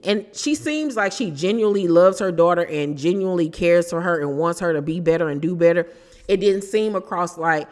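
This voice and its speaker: Opinionated woman recapping, hall reverb. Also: sits low. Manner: animated, opinionated, quotes people in quick bursts. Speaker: reality TV recap host. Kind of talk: casual chat recap.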